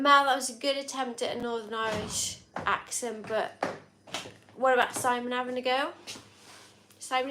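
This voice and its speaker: A woman's voice: sits high, a bit bright, slight background noise. A woman co-hosting a live stream, chatting casually and reading out viewer comments in a rambling, easygoing way. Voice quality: chatty, rambling, laughs easily. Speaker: co-host of a live drinking stream. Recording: echoey room.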